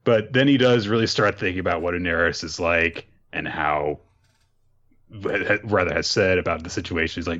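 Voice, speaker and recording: A man's voice: deep voice, moderate pace, fairly bright tone. A man hosting a casual chat in which he recaps a story, talking chattily and animatedly and laughing often, on a dull lo-fi recording. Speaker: podcast host.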